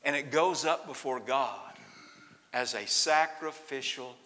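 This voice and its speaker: A man preaching a sermon as a pastor, telling a story that swings from loud to hushed. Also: mid-range voice, slow pace. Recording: long hall reverb.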